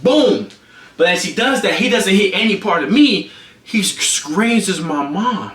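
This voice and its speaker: A man's voice: high-pitched, unhurried, echoey room. A young man streaming, telling a story with lots of energy and acting it out with sound effects. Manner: excitable, acts out the scene with sound effects. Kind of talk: animated storytelling on a livestream.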